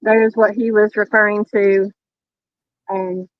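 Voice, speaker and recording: A woman's voice: mid-range voice, flat delivery, slow pace, dry recording, highs cut off. A woman with a Southern US accent giving a casual walking tour outdoors, talking while she films on her phone. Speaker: tour guide.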